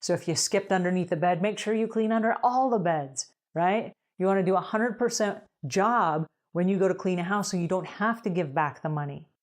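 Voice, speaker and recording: A woman's voice: on the low side, a little fast, hardly any pauses. A woman giving emphatic, direct advice to house cleaners as a business coach in an advice talk.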